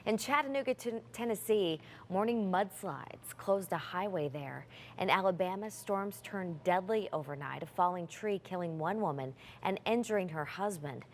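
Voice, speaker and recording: Woman, news anchor, lowish voice, scripted read, faint hiss. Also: lively intonation, moderate pace, hardly any pauses. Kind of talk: TV news reading.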